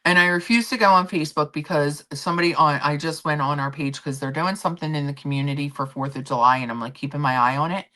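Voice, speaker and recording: A woman's voice: deep voice, steady tone, fast talker, hardly any pauses, sharp tone. A middle-aged woman hosting a casual livestream, chatting in a rambling way and answering viewers' comments. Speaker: livestream host.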